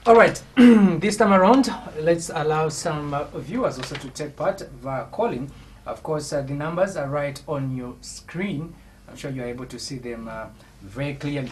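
A man's voice: mid-range voice, slight background noise. A man hosting a live call-in TV show, calling out greetings again and again and giving short prompts to callers. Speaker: TV talk show host.

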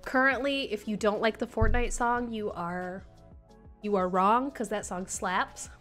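In an unhurried, medium-pitched and slightly bright voice, a young community manager chats casually with her livestream viewers. She breaks into baby talk with her dog, and soft music plays faintly behind.

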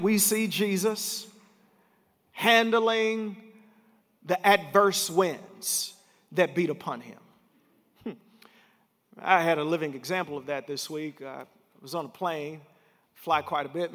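A man's voice: fairly high pitch, a bit bright. A man preaching a sermon as pastor, telling a story and building to emphatic points. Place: large church sanctuary. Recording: reverberant church hall.

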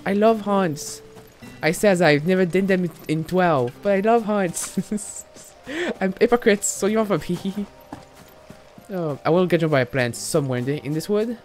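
A woman streaming a video game, chatting in an excitable, giggly, rambling way. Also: on the low side, normal speed, faint music behind. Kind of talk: casual gameplay commentary.

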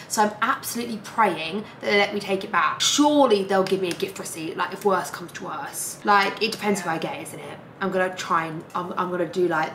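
A young woman, a vlogger, chatting fast and laughing often about her day. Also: mid-range voice, a bit bright. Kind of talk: casual vlog chat. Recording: echoey room with faint hiss.

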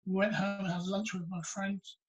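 A man's voice: sits high, flat delivery, moderate pace, low-quality recording. A man recounting a personal story in an earnest, reflective way during a church interview. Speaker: interviewee sharing his testimony.

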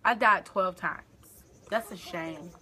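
A woman's voice: on the low side, slow, a crowd in the background. A woman playing a video game with a partner, bantering in casual chat and trading teasing comebacks with frequent laughter. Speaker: gameplay co-host.

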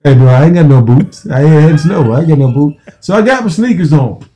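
Man in his fifties, american, former football player, casual profane storytelling, very dark voice. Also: fairly high pitch, lively intonation, a little fast, slight background noise, low-quality recording. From United States. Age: 50s. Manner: profane, repetitive, restarting phrases.

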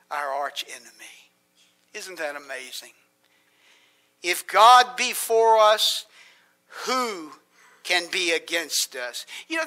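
A man preaching a sermon, with dramatic swings from emphatic lines to hushed whispers and slow, deliberate emphasis on key words. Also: high-pitched.

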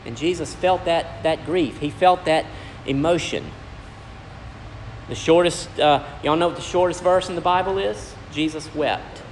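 A man preaching a sermon as pastor, swinging from loud, raised lines down to hushed ones. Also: a little high, unhurried, a little hiss or hum. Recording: long hall reverb with faint ambience.

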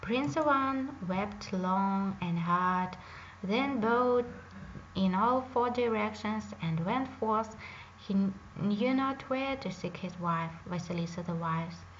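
A woman telling a fairy tale in English, reading slowly and carefully, on a dull lo-fi recording. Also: mid-range voice. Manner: slow, careful reading aloud. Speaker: storyteller. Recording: dull lo-fi recording with faint hiss.

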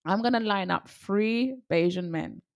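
A woman's voice: medium pitch, a little slow, gravelly. A woman co-hosting a show, chatting casually and teasing her co-host, laughing often. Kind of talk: casual banter.

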